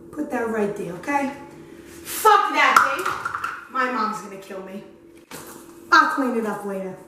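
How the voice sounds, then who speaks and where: A woman's voice: a little high, fairly bright tone, a little hiss or hum. A young woman hosting a comedic cooking tutorial in a home kitchen, goofy, crude and rambling. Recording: echoey kitchen, mic at a distance.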